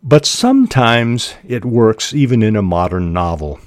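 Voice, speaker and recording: A man hosting a fiction-writing podcast who explains craft in a measured, deliberate way, pausing often on "uh". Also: medium pitch, animated, no room sound, clean studio sound. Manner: measured and deliberate, with frequent "uh" pauses. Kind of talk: instructional podcast talk.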